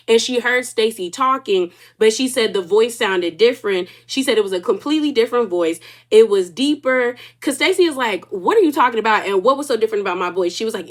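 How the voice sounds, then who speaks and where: A woman recapping a reality show episode in a casual, gossipy way, with drawn-out reactions. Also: medium pitch, a bit bright.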